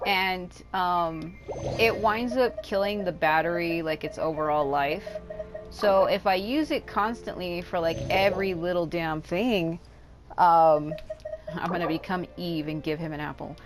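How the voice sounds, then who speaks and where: A woman with a raspy voice chatting casually and swearing often while commenting on her gameplay, rambling off into asides. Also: lowish voice, a little slow. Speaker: gaming YouTuber. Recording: game music behind the voice.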